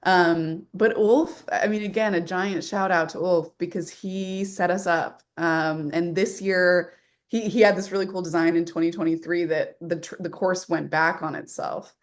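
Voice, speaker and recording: A woman's voice: fairly low pitch, steady tone, moderate pace. A woman guest on a podcast, a rally driver, explaining things in an easygoing way with frequent laughs. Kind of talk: casual interview chat.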